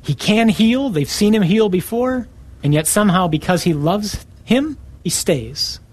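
Emphatic preacher, a man in mid-pitch. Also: lively intonation, unhurried, slightly rough. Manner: emphatic, punches key words with sudden rises in pitch. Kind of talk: sermon.

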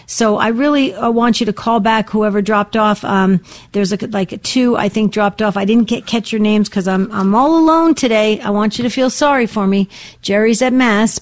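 A woman's voice: medium pitch, darkish tone, dry recording. A woman in her sixties hosting a call-in radio show, telling stories in an earnest, rambling way. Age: 60s.

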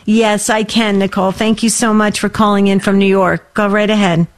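A woman's voice: mid-range voice, flat delivery, moderate pace. A woman hosting a call-in radio show, affirming and encouraging her callers.

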